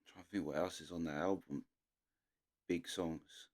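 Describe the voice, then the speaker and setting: A young man with a London accent talks through a reaction video in a casual, rambling way. His voice sits low and deep. He stops and restarts his sentences often and fills the gaps with fillers. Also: fairly even intonation, moderate pace, a little mellow. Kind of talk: casual commentary.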